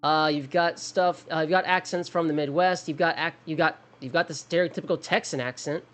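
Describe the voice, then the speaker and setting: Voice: medium pitch, steady tone, fairly quick, fairly bright tone. A streamer chatting casually during a game, rambling with many restarts and thinking aloud. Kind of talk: casual livestream chat.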